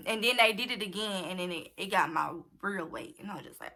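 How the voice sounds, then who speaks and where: Young adult woman vlogger, bright and tense tone, chatty storyteller who performs every quote. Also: medium pitch, quick pace, few pauses. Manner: animated, acts out quoted dialogue. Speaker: vlogger telling a personal story. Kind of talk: casual storytime chat.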